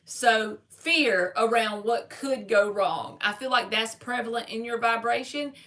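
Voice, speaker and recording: A woman's voice: fairly high pitch, a little slow, bright, forceful tone. A woman giving a live-stream tarot reading, talking casually and straight to her viewers in slangy everyday speech. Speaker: tarot reader.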